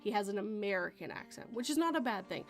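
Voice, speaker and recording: A woman's voice: mid-range voice, lively intonation, quick pace, a bit bright, soft background music. A woman from Western Canada hosting a casual chat, talking in a rambling way and laughing often. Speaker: host.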